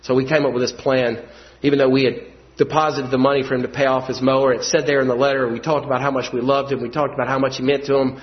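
A man preaching a sermon, moving between quiet storytelling and loud, emphatic passages. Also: medium pitch, flat delivery, quick pace. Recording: dull lo-fi sound.

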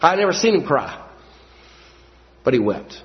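A man preaching a sermon, moving between quiet storytelling and loud, emphatic passages. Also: on the high side, very animated, a little slow. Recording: dull lo-fi sound.

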